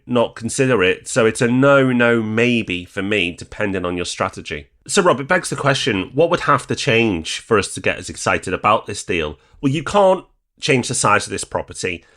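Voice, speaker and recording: A man from northern England co-hosting a property podcast, calmly weighing up investment deals. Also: mid-range voice. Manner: measured, weighing pros and cons aloud. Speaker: podcast co-host. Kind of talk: casual podcast discussion.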